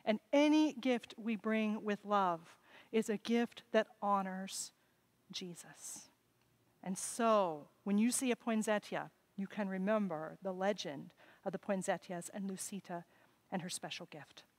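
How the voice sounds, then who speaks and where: A woman telling a legend to children during a church service, expressive and inviting them to join in. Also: medium pitch, a little slow, low-quality recording. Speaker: children's sermon storyteller. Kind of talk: telling a story to children in worship. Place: church sanctuary.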